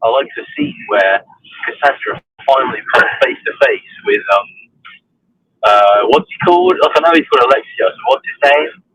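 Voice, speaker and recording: A man's voice: mid-range voice, animated, normal speed, fairly bright tone, poor audio. A young man, chatting and joking with a friend while streaming a game, swearing often. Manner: swearing, jokey, trails off and restarts. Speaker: co-host of a gaming stream.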